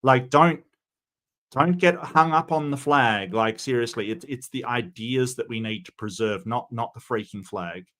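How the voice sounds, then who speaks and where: A man's voice: mid-range voice, measured pace, a bit bright. Rambling man on a livestream. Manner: rambling, many restarts and fillers, opinionated. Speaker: streamer reading chat. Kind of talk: casual livestream chat.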